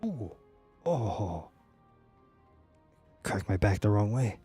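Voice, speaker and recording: A man streaming a game, chatting casually with teammates in a relaxed, rambling way with many fillers. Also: on the low side, very slow, husky, soft background music. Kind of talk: casual gaming chat.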